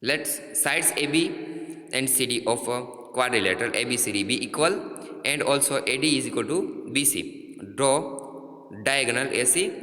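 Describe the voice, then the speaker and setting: Halting male maths teacher, echoey room. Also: mid-range voice, expressive, pushed and bright. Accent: Indian English. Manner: halting, repeats himself with many fillers. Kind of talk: classroom lesson. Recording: roomy echo, long reverb.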